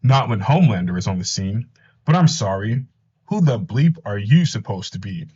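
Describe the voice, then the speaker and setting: A man's voice: fairly low pitch, big pitch swings, normal speed, dark tone, breathy edge. A man voicing an arrogant, smug male superhero in a sneering, mocking way. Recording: slightly dull lo-fi audio.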